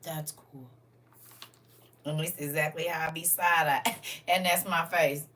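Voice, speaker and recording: A woman's voice: deep voice, fairly even intonation, measured pace, a bit bright, slight background noise. An older woman hosting a casual livestream, talking emotionally, laughing and exclaiming to her viewers. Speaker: livestream host. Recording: voice a bit distant from the mic.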